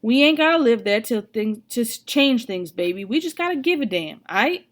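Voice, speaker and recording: A woman's voice: on the high side, expressive, moderate pace, close to an everyday voice. A woman reading aloud, voicing a blunt, protective father who talks in a casual, plainspoken way.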